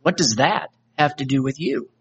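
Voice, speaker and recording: A man voicing Jesus as a grieving but firm judge, speaking softly and solemnly. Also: a little high, expressive, moderate pace, gravelly, slightly rough, exaggerated voice. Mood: sorrowful firm. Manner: soft, sorrowful and solemn.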